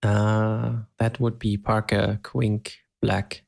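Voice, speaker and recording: A man's voice: fairly low pitch, monotone, slow, gravelly. A man from Europe co-hosting a podcast, chatting casually, hesitant and laughing often. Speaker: podcast co-host. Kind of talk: casual chat.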